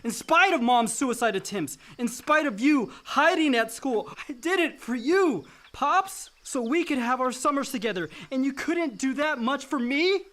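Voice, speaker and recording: A man's voice: very high-pitched, animated, normal speed, few pauses, a bit bright. An actor playing Chip, a grown son who is anguished and lonely, his voice raw and breaking in a radio drama.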